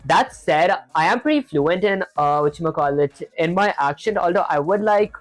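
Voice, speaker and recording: A man streaming live coding, talking quickly in a casual, chatty way, reading instructions aloud and filling gaps with fillers. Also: fairly high pitch, expressive. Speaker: programming streamer.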